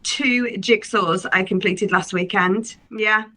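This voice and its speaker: A woman co-hosting a podcast, with a bright, forward tone. She chats playfully, tossing in quick jokes and teasing asides at a middling pitch. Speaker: podcast co-host. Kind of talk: casual chat.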